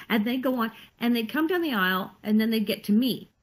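Brief: actress guest, woman, husky and raised in pitch, animated storyteller on a video call. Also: quick pace, hardly any pauses, rough recording. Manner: animated, laughing, acts out quotes. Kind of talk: casual storytelling interview.

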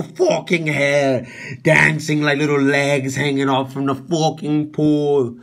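A man's voice: on the high side, little pitch movement, takes it slowly, a bit bright. A man on a livestream ranting in a mocking, profane, heckling way.

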